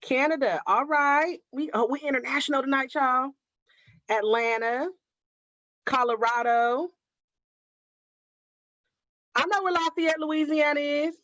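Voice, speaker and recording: A woman's voice: high voice, unhurried, long pauses, a bit bright, no room sound. A woman from Oakland hosting a craft livestream, chatting casually with viewers and calling them baby and girl. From Oakland, California. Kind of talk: casual livestream chat reading viewer comments. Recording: dry, slightly dull livestream audio.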